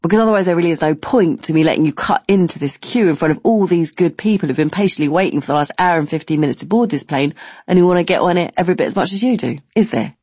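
A woman playing a blunt young man who lectures calmly and deliberately. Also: lowish voice, husky, no room sound. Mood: smug. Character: blunt, plain-spoken young man in a queue.

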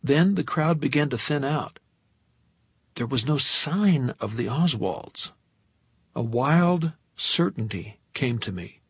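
An audiobook narrator with a gravelly, husky, mid-pitched voice reads a first-person novel aloud in a measured, tense manner. The recording is dry and close, with no room around it.

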